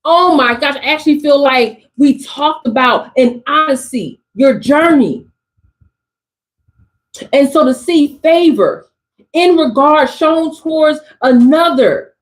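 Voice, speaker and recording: A woman doing a channeled tarot reading for her viewers, animated and exclamatory, in casual slangy speech. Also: sits high, rough recording. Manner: animated, exclamatory, talks straight to the audience. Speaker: tarot reader.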